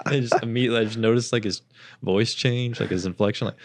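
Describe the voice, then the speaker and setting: A young man on a podcast rambles through stories in a fairly low voice, swearing freely and putting on quick impressions of others. The sound is dry and close, with no room around it. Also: steady tone, no echo. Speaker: podcast co-host. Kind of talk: casual chat.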